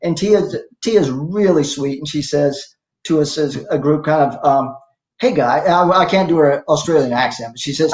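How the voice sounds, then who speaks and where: A man's voice: a little high, normal speed, a little mellow, roomy sound, low-quality recording. A man in his sixties, a masters fitness athlete, telling stories in a casual interview with a rambling, self-deprecating manner. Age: 60s. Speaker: masters CrossFit athlete guest.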